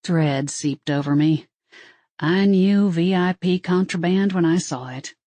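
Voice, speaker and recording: A woman's voice: fairly low pitch, unhurried, warm tone, no room sound. A woman narrating a first-person audiobook in a wry storytelling manner.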